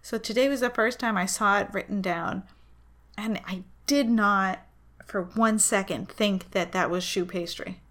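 A woman chatting casually as a co-host. She talks in an easygoing, conversational way at a relaxed, steady pace. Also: mid-range voice, measured pace. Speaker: podcast co-host. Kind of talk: casual chat.

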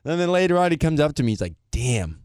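Guy cohosting a podcast, telling a story all animated, voice jumps up and down, dry sound. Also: a little high, racing, clear, resonant tone, no room sound. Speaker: podcast co-host. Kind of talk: casual chat.

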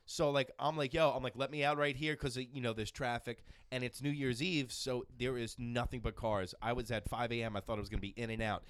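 A man's voice: mid-range voice, fairly even intonation, fairly quick, few pauses, fairly bright tone, clear, resonant tone, no echo, clean studio sound. A man telling crude stories in casual chat, swearing often and acting out other people's voices. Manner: storytelling, acts out voices, swears a lot.

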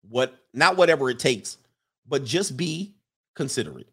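A man hosting a live stream, giving a casual commentary monologue in an animated, preachy way and repeating his lines for emphasis. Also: mid-range voice, moderate pace, slightly rough. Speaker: live-stream host reading viewer comments.

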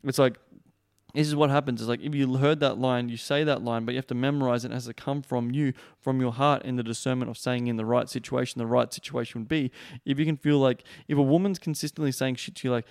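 A man talks through dating advice in a loose, rambling coaching monologue, swearing in nearly every sentence and leaning hard on emphasis. His voice is smooth and clear, sitting at an ordinary male pitch. The sound is dry and close. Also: steady tone, fast, darkish tone, dry recording. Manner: heavily profane, rambling, emphatic.

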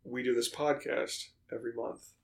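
A man's voice: medium pitch, steady tone, moderate pace. Joking male podcast co-host. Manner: joking, laughs often. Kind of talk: casual podcast chat.

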